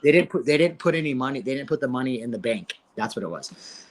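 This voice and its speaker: A man's voice: medium pitch, fast. A man in his forties, a podcast guest and former fighter, telling his story in a casual interview with lots of swearing and acted-out quotes. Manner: profane, animated retelling with quoted dialogue.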